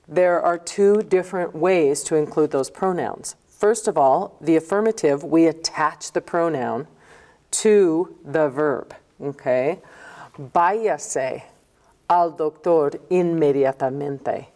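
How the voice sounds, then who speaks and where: A woman's voice: sits low, measured pace, a little mellow. A woman teaching a recorded grammar lesson, explaining step by step and checking in with "okay?". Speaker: Spanish teacher.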